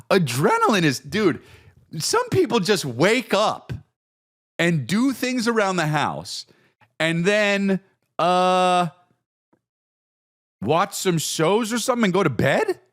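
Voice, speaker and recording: A man, hosting a podcast in a rambling, profane, comedic monologue that swings between low mutters and high excited bursts. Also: dry recording, clean studio sound. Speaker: podcast host.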